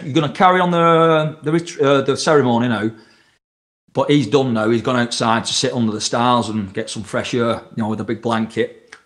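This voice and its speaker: Swearing, rambling man. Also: mid-range voice. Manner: rambling, swears freely, animated retelling with voiced quotes. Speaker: podcast guest. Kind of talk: casual storytelling chat.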